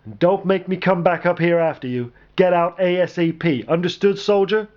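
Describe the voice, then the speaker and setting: Man doing a gruff commando leader, barked orders, loud, raised pitch, dull recording. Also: normal speed, close to an everyday voice. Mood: commanding. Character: gruff male veteran squad leader, commanding.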